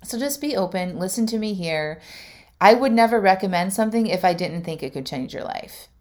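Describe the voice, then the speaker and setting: A woman's voice: medium pitch, animated, a little fast, darkish tone. A woman life coach telling a personal story in a casual, heartfelt monologue, talking straight to her listeners with plenty of fillers. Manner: chatty, heartfelt, many "like" fillers; addresses listeners directly.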